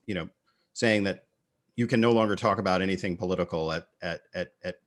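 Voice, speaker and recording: Male interview host, low voice, casual and halting, full of you-knows. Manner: casual, hesitant phrasing with many fillers. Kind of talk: conversational interview.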